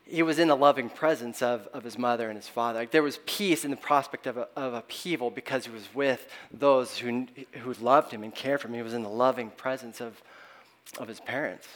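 A middle-aged man, a pastor preaching a sermon in an earnest, halting way, often restarting and letting his phrase ends trail off softly. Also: medium pitch.

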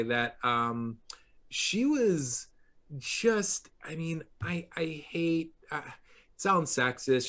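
A middle-aged man from Long Island tells stories in a loose, rambling way, full of "um" and "like" and restarts. His voice sits a touch on the high side. He talks like he's chatting across a table. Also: fairly bright tone. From New York, Long Island. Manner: rambling anecdotes with many fillers and restarts, laughing through punchlines. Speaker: podcast host. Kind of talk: casual conversation.

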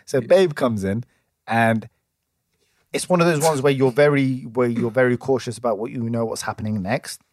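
A man's voice: mid-range voice, normal speed, no echo. Rambling man telling a story. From England. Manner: rambling storyteller with many restarts and fillers. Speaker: podcast co-host. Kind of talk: casual chat.

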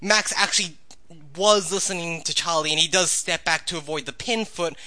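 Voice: medium pitch, normal speed, sharp tone. A podcast co-host giving thoughtful opinions on a movie in a casual chat.

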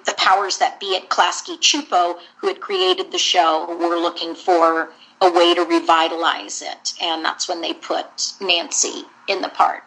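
A woman voice actor sits for an interview and recounts her career in a candid, wandering way. Her voice sits a little low for a woman but comes out bright and forceful. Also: poor audio. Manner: candid, rambling storyteller.

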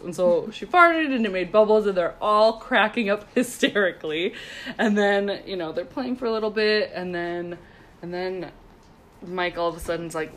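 A woman in her thirties co-hosts a podcast, telling a funny story in a giggly, chatty way and saying "like" a lot. Her voice is fairly low at a normal speed, with slight background noise.

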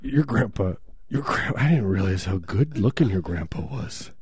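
A man's voice: lowish voice, expressive, normal speed, a little mellow, slightly rough. A man co-hosting a podcast, riffing through casual comedic banter and putting on mock voices. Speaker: podcast co-host.

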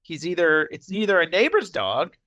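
A podcast co-host with a high voice chats casually at a moderate pace, recapping a TV episode and animatedly acting out its scenes in loud, shifting voices. The recording sounds muffled.

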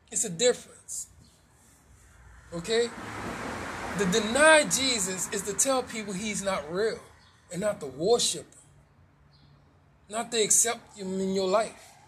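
A man's voice: high voice, noisy background. A man preaching informally, firing rhetorical questions, restarting phrases and dropping slangy asides.

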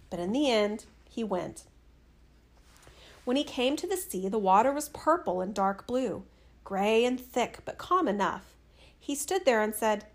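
A woman narrating a fairy tale in a steady, expressive reading. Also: a little high, a little slow. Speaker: storyteller.

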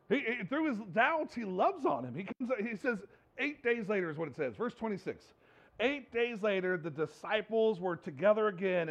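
Animated high-voiced male preacher. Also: lo-fi sound. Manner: animated, repeats himself, acts out quotes. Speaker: pastor. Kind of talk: sermon. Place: church hall with slides.

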